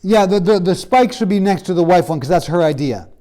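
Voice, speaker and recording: A man's voice: high voice, animated, brisk, mellow. A man teaching a Bible history class, telling the story casually and acting out the characters' lines, with students chiming in now and then. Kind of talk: classroom lecture.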